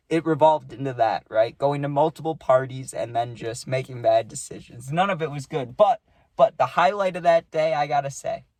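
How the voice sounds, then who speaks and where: Young male vlogger, casual and animated, lots of fillers, dry close sound. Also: medium pitch, no room sound. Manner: animated, rambling, with many likes and rights. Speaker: storytime vlogger. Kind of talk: casual storytelling.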